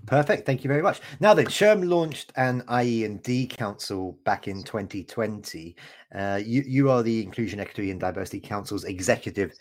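A man's voice: on the low side, normal speed. Upbeat British man hosting a podcast. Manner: upbeat, with stumbling repeats. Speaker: podcast host. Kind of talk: podcast interview questions.

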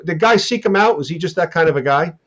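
A man's voice: a little high, lively intonation, quick pace, dull audio. A man hosting a sports radio interview, asking long rambling questions full of restarts. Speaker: radio show host.

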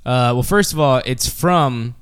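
A man's voice: medium pitch, unhurried, clear, resonant tone. A man co-hosting a podcast, reading out spam emails during casual chat. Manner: reading out emails in a flat, amused way. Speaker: podcast co-host.

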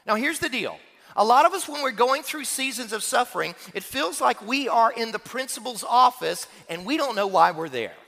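A man's voice: extremely high pitch, animated, moderate pace, gravelly, sharp tone, long reverb tail. A male pastor preaching a sermon, telling stories from his own childhood and asking questions of his congregation.

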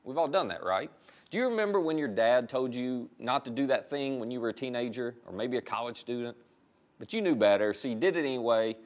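A man's voice: mid-range voice, expressive, a little fast. A middle-aged man preaching a sermon in a conversational, storytelling way, often putting direct questions to his listeners. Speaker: pastor.

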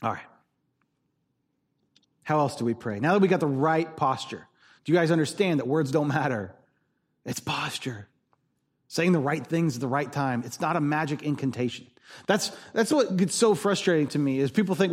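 A man's voice: a little high, animated, normal speed, pauses often. A man preaching a sermon as pastor, conversational and jokey with emphatic stresses.

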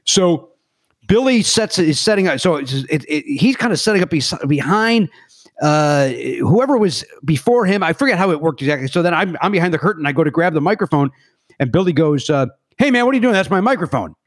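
Brisk and pitched on the high side, a middle-aged man chats as a guest on a remote podcast, his mic free of echo. He tells rambling stories, trips over words and fixes them, and throws himself into the quotes he acts out.

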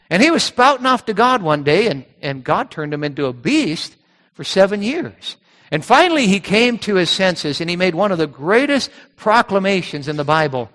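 A male pastor giving a sermon in a conversational style, often repeating words and reading scripture slowly. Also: a little high, a bit bright. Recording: long reverb of a church hall.

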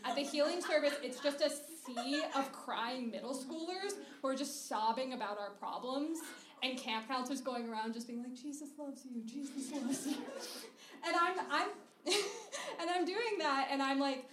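A woman's voice: sits high, expressive, normal speed, far from the mic, a crowd in the background. A young woman telling a funny personal story on stage, talking chattily with lots of "like" and frequent laughter. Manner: chatty, says "like" a lot, laughs through the story. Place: live show venue. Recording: roomy live stage recording with noise.

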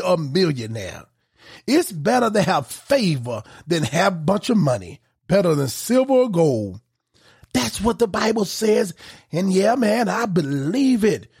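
A man preaching a sermon in an emphatic style, rising to shouts on key points. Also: high voice, creaky, husky.

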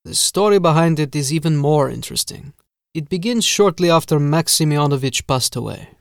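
A man voicing a sinister, formal castle steward who speaks softly and drags out his vowels. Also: fairly high pitch, animated, creaky, no echo, studio quality. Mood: sinister calm. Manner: soft, measured, drawn-out vowels.

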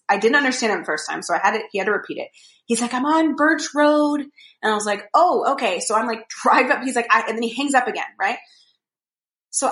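A woman's voice: on the high side, a bit bright. Chatty woman telling a rambling story, echoey room. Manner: rambling storyteller, many fillers, acts out quotes. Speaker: podcast co-host. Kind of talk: casual chat.

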